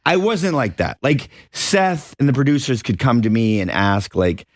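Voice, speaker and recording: A man's voice: mid-range voice, animated, normal speed, no room sound. A man guesting on a radio talk show, telling self-deprecating stories about his past and laughing often. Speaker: guest actor. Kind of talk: casual radio interview.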